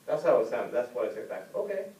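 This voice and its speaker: Man, classroom speech, conversational, acts out quoted voices, mellow tone, distant camera, roomy echo. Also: animated, fast. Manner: conversational, acts out quoted people with big pitch jumps. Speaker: student giving a class speech.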